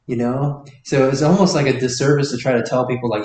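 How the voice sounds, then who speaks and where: A man's voice: medium pitch, fairly even intonation, quick pace, darkish tone, roomy sound, distant mic. A man in a casual conversation, musing and hedging as he talks.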